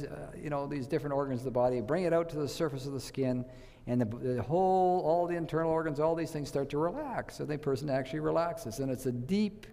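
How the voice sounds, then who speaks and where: A man's voice: medium pitch, gravelly, mellow, big-room sound. A man giving a health talk to a church audience, telling stories and quizzing his listeners. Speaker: health speaker.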